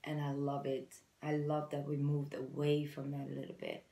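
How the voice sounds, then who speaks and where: A woman's voice: sits low, monotone, normal speed, vocal fry, mellow, roomy sound, rough recording. A woman giving a casual, encouraging tarot reading and talking straight to her viewers with many "you know"s. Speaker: tarot reader.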